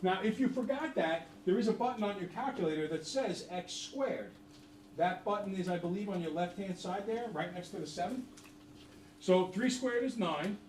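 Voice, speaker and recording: High-voiced male teacher, roomy and far. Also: expressive, normal speed, darkish tone, a little hiss or hum. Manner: jokey, chatty, asks the class questions. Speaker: math teacher. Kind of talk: classroom lesson. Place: classroom.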